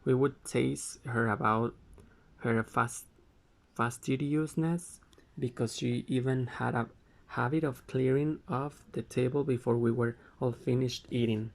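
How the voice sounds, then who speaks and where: A man reading a memoir aloud, in a halting way with frequent stumbles and self-corrections. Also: mid-range voice, fairly even intonation, gravelly. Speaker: amateur reader.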